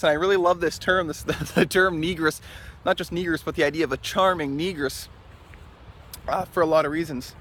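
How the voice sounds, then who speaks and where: A man's voice: fairly high pitch, fairly bright tone, a little hiss or hum. A man talking in a casual opinion vlog, rambling and opinionated and often chuckling, recorded outdoors in a city. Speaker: vlogger.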